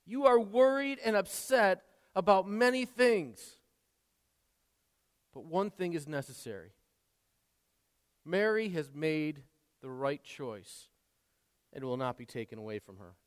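Brief: a patient teacher gently correcting a friend read by a preacher, tender and unhurried, with a smooth tone and a long hall echo. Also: male voice, high-pitched, expressive, studio quality. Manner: tender, slow, repeating the name. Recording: long reverb in a large hall.

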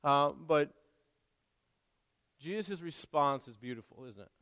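Brief: an earnest, chatty male pastor with a high, clear voice, preaching in a church with a long hall echo. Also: lively intonation, measured pace, fairly bright tone. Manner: conversational, earnest, with frequent restarts and asides. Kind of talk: sermon. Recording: long reverb in a large hall.

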